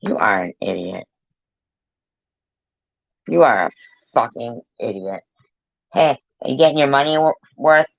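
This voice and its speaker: Slow, scolding woman commentator. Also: rumbling low, animated, creaky, no echo, highs cut off. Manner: scolding, heavy cursing and insults. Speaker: reaction commentator. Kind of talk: angry reaction commentary.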